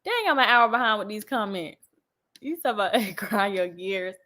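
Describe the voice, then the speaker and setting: A woman's voice: mid-range voice, expressive, normal speed, bright, forceful tone. A young woman hosting a casual livestream, reading viewer comments and chatting with frequent laughs. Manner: chatty and laughing often, talking straight to viewers. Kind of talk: casual chat.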